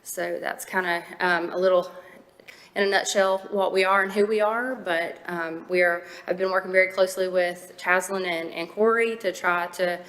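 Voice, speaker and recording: A woman's voice: fairly low pitch, fairly even intonation, moderate pace, a bit bright. A woman from a foster care nonprofit presenting to a county board in an informal way, with many fillers and restarts. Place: county board meeting room. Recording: echoey meeting room.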